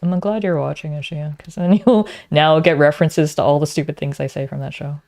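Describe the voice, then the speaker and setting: A woman's voice: low voice, fairly even intonation, fairly quick, darkish tone. A woman, talking to herself while streaming a frustrating game, muttering and sometimes whispering. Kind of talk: casual gameplay commentary.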